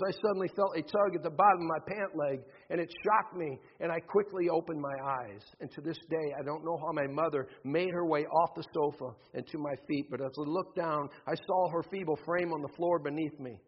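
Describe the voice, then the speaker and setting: A man with a high, husky voice delivers a sermon, reading a testimony in hushed tones and then pressing his points emphatically. He speaks in a church sanctuary. The recording is dull and washed in long reverb. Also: fairly quick, hardly any pauses. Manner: soft, hushed storytelling turning to emphatic preaching. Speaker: pastor. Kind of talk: sermon with read-aloud testimony.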